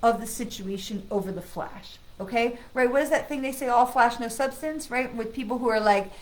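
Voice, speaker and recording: A woman's voice: on the high side, brisk, low-quality recording. A woman psychic medium doing a live card reading, chatting in a reassuring way and often checking in with "okay?" and "right?". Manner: bursts into loud excited laughter when greeting friends. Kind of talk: live-stream card reading, casual chat.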